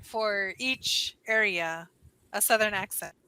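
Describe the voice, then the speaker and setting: A woman from California tutoring English in a chatty, animated online conversation lesson over a video call, laughing often. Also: medium pitch, slow pace, clean tone, rough recording.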